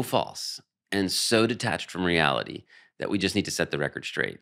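A man with a very low voice talks through his views as an interview guest. He is earnest and emphatic, restarting phrases as he goes. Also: animated, normal speed, vocal fry, sharp tone. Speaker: interview guest, human rights strategist. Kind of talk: conversational interview.

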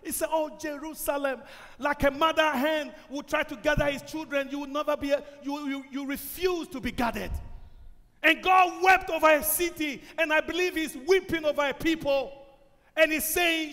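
A male pastor preaching a sermon in a church, impassioned and often shouting. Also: very high-pitched, normal speed. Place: church sanctuary. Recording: long hall reverb.

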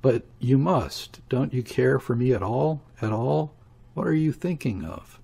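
A man's voice: mid-range voice, lively intonation, measured pace, dark tone, breathy edge. A man reading the part of a desperate, grieving woman in an audiobook, speaking in a listless, weary, murmuring way. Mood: pleading.

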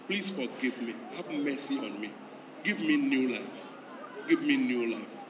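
A man's voice: mid-range voice, a little slow. A man, a pastor at a church convention, leading an altar call and a prayer, repeating his urgent calls to come forward. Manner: repetitive, urging, rising to loud pleading calls. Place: large church hall at a convention. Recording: echoey hall, distant mic, crowd noise.

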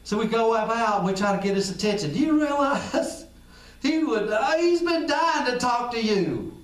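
A pastor with a very high voice and lively intonation preaches at normal speed. The sermon feels conversational, with mini dialogues he performs and phrases he repeats, and the recording is distant and echoey.

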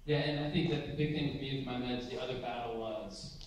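A man on a lecture panel, quick and wisecracking. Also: medium pitch, fairly even intonation, lo-fi sound. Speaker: student panelist. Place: large lecture hall. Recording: echoey hall, audience noise, far mic.

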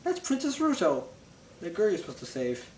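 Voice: medium pitch, huge pitch swings, normal speed, a crowd in the background. A gamer in casual let's-play chat, joking around and swearing a lot, recorded in a roomy room from a distant mic. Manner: profane, joking. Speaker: gamer playing a video game.

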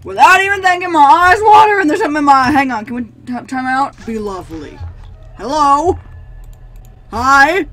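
Her high, animated voice is a bit bright, moving at a moderate pace as she plays a horror game. The gaming channel host snipes sarcastically at the characters through her desk microphone and screams at the jump scares.

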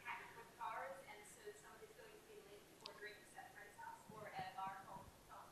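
Woman in the crowd thinking out loud, far from the mic, super echoey hall, loud noise. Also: medium pitch, big pitch swings, a little fast. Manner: hesitant, thinking aloud. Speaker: audience member. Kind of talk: answering from the audience.

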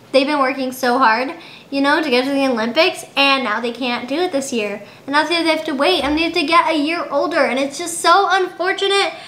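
A woman's voice: high voice, pushed and bright. A young woman vlogging at home, chatting to the camera in a dramatic, giggly way. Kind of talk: casual chat to camera. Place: indoors at home. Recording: roomy home recording.

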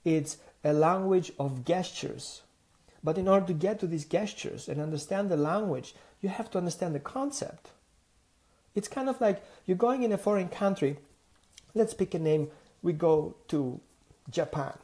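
A man from the Mediterranean, a dog trainer giving an animated teaching monologue full of rhetorical questions and acted-out dialogue. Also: high voice, moderate pace.

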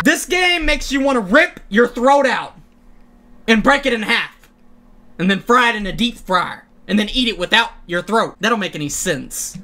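A man hosting a gaming channel, giving let's play commentary in excitable, slangy banter that breaks into yelps and shouts at near misses. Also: very high-pitched, normal speed. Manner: self-hyping, slangy banter. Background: game music.

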